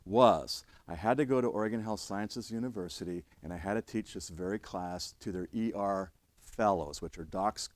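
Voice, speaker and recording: A man's voice: low voice, normal speed, no echo. A middle-aged man lecturing emergency responders in a blunt, conversational way. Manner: blunt, conversational, acts out quoted voices. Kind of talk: classroom lecture with stories.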